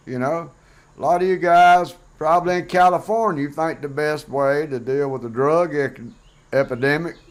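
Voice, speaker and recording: A middle-aged man talking bluntly and plainly in a casual vlog monologue, rambling with fillers. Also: a little high. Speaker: vlogger host.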